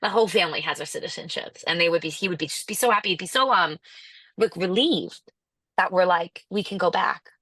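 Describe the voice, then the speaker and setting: A woman's voice: lowish voice, brisk, husky, no room sound. A young woman with an American accent, a musician guest chatting in an interview, acting out other people's lines in playful voices. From United States. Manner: animated, acts out quoted people in playful voices. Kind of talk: casual interview chat.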